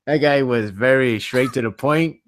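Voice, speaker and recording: A man hosting a casual podcast chat, animated, laughing often and swearing casually. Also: mid-range voice, normal speed. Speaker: podcast host.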